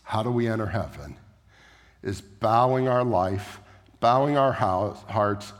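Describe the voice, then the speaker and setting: A man's voice: fairly low pitch, unhurried. A man preaching a sermon in a church, telling a story in a conversational way. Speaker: pastor. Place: church sanctuary. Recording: echoey church hall.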